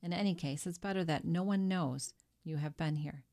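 A woman's voice: low voice, moderate pace, mellow. A woman voicing a greedy, anxious middle-aged male innkeeper with a wavering, grasping manner. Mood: wary.

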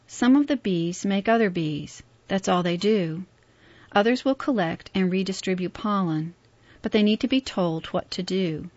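A woman's voice: medium pitch, normal speed, a little mellow, no room sound, lightly acted. An eager young male inventor speaks with earnest insistence, voiced by a woman reading a story. The sound is dry and a little muffled, like a plain lo-fi recording.

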